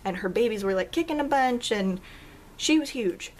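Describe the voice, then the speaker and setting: A young adult woman vlogging casually, telling a story with laughs and acting out quotes in a high voice. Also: expressive, normal speed, a little hiss or hum.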